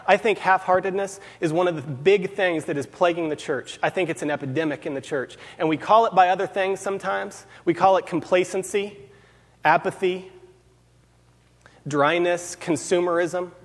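A man preaching a sermon to a gathered group, earnest, repeating key phrases for emphasis. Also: on the high side. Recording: long hall reverb.

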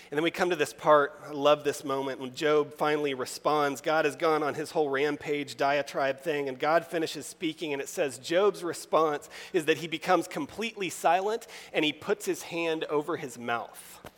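A man preaching a sermon, reading scripture aloud with rising emphasis and speaking in an animated, conversational way. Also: fairly high pitch, normal speed, hardly any pauses. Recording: long reverb of a large hall.

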